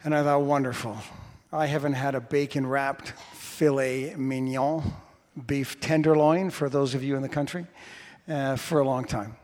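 A man's voice: mid-range voice, fairly even intonation, moderate pace, a little mellow. A pastor in his sixties telling a humorous personal story during a sermon. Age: 60s. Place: church sanctuary. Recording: long hall reverb.

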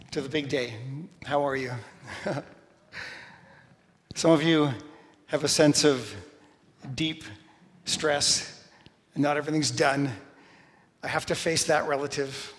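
A middle-aged man preaching with animated, story-driven delivery and a fairly high voice. He bursts into loud, shouted lines when acting out a story. His voice rings with the long reverb of a large hall. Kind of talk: sermon.

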